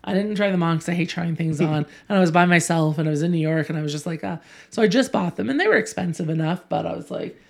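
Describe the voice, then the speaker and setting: Gravelly, low-voiced chatty woman. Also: fast, few pauses, a little mellow. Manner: chatty, laughs often, tells stories. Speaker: podcast co-host. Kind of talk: casual chat.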